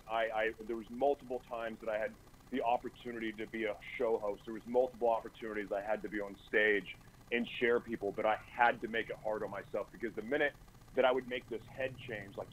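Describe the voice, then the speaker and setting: On a radio talk show, a male guest gives an earnest, intense personal testimony in a studio, often stumbling over his words and repeating them as he restarts. His mid-range voice keeps a fairly even intonation and moves a little fast. The recording is rough, with a little hiss or hum.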